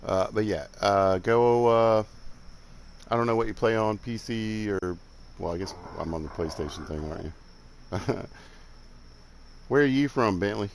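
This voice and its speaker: A man's voice: lowish voice, unhurried, long pauses, slight background noise. An older man from Alabama with a Southern accent touched by the Midwest, chatting casually and rambling while he plays a game. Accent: Southern US with some Midwestern. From Alabama, southern United States. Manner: rambling, laid-back, chuckling, drifts off while building. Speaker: game streamer. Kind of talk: casual chat while playing.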